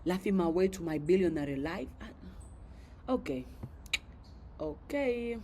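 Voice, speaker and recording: A woman's voice: fairly low pitch, lively intonation, unhurried, warm tone, a little hiss or hum. A woman hosting a casual motivational talk to her viewers, playful and often laughing at her own jokes, with repeated words as she thinks aloud. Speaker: host.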